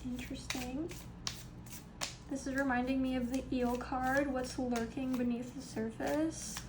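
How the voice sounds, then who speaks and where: A young woman doing a casual, upbeat tarot card reading, chatty and full of ums and small laughs, with some vocal fry. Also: high voice, little pitch movement, a little slow, background noise. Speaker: tarot reader.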